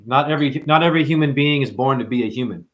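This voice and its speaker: A man hosting a livestream and ranting preachily at his viewers, swinging between hushed asides and loud outbursts. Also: medium pitch, rapid-fire. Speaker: livestream host and numerology teacher.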